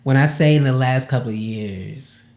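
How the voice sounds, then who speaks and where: A man's voice: mid-range voice, moderate pace, a little mellow, echoey room. A man hosting a podcast, speaking from the heart, casual and emotional, near tears and laughing through it, repeating words for emphasis. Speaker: podcast host.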